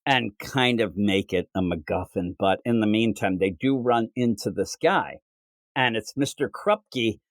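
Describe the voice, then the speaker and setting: A man co-hosting a casual comic book podcast, recapping stories in an animated way. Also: fairly low pitch, measured pace, no echo. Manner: animated recapping, jumping into character voices. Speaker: podcast co-host.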